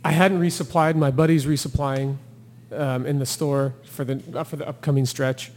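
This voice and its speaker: A thru-hiker guest on a podcast speaks at normal speed in a mid-range voice, casually telling his story. He's animated, acting out quotes with laughter, and the room sounds large.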